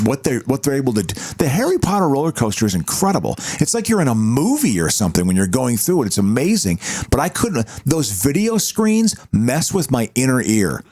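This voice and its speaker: A middle-aged man co-hosting a podcast, talking casually and haltingly, stumbling over and repeating words. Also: mid-range voice, a little mellow. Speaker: podcast co-host. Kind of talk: casual chat.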